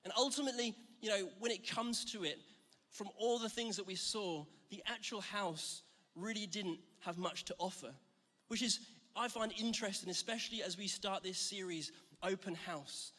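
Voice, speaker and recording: A man's voice: high voice, moderate pace, bright, forceful tone. A man giving a chatty, joking sermon to a church, telling stories with self-deprecating humour. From Scotland. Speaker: church speaker. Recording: reverberant hall.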